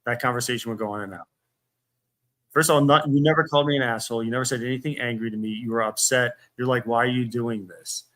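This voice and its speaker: A man's voice: medium pitch, fairly even intonation, fast, a bit bright. A man arguing over the phone, exasperated and repetitive, swearing as he insists on what happened. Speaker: streamer. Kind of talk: heated one-sided phone argument.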